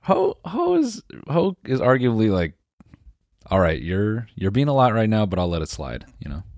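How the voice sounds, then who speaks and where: A young man co-hosting a comedy podcast, goading his partner and tripping over quick restarts. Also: lowish voice, huge pitch swings, a little mellow, dry recording, studio quality. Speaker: podcast co-host. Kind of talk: casual comedic banter.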